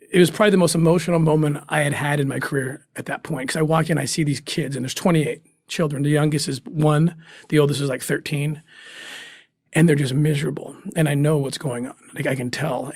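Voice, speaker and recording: An earnest middle-aged man recounts a story as an interview guest, his voice pitched a little high. He halts now and then as emotion catches him, and the sound is close and dry. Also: slightly rough, dry recording. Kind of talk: emotional first-person storytelling.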